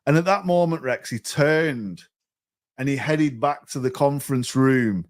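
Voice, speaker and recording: A man, a podcast guest telling a story in a chatty, animated way, often repeating words as he restarts. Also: fairly high pitch, normal speed.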